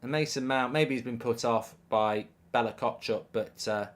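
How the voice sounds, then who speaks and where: A man with a mid-pitched voice hosts a live football watchalong stream. He sounds excitable and animated, bouncing between reactions to the match and comments from the chat, and often stammers and restarts mid-sentence. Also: normal speed.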